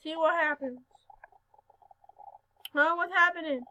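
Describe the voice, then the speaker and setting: Squeaky girl voice, slow chatty gameplay talk, giggly, random loud yells. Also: muffled recording. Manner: giggly and excitable, with sudden loud outbursts. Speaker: gaming video host. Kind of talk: casual gameplay commentary.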